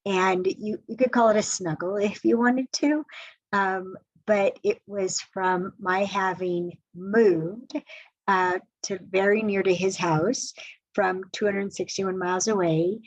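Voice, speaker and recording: A woman hosts a live Q&A stream and tells stories in a chatty, animated way, turning to her viewers now and then. Her voice is a little husky and sits in a middle pitch. The stream audio sounds dull, lo-fi and dry. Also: slow, no room sound. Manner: chatty and animated, with frequent laughs and asides to viewers. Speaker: relationship educator hosting a live Q&A. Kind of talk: casual live-stream storytelling.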